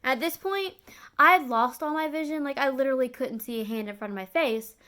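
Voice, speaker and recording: Young woman vlogger, slightly high voice, earnest and confiding storytelling, loose with fillers and restarts. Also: a little fast, sharp tone. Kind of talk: emotional personal storytelling.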